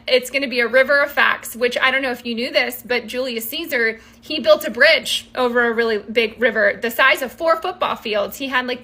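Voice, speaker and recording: A woman's voice: high-pitched, sharp tone. A woman in her thirties telling a rambling, exasperated story straight to camera as a vlogger.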